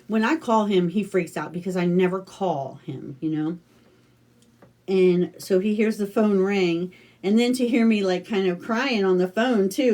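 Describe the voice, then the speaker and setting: A woman's voice: medium pitch, mellow. A middle-aged American woman hosting a casual craft livestream, chatting and telling stories with lots of fillers and restarts. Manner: chatty, rambling storytelling with many fillers.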